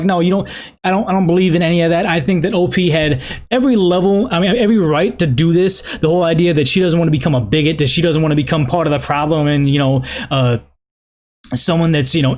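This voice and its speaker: A man with a Boston accent hosts a show where he reads online stories aloud, then gives rambling, opinionated commentary full of restarts. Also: a little high. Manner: rambling, many restarts and fillers. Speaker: host reading and judging online stories.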